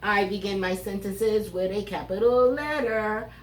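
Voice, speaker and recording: A woman teaching a third grade class, reading riddles aloud with animated emphasis. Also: mid-range voice, a little slow, recorded from a distance, slight background noise. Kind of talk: classroom lesson. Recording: roomy sound from away from the mic, faint ambience.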